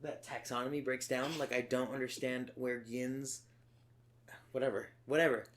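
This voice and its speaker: A man's voice: mid-range voice, level tone, normal speed, a little hiss or hum. A man from Los Angeles, a podcast co-host telling stories in a sardonic, profane way. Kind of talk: casual chat.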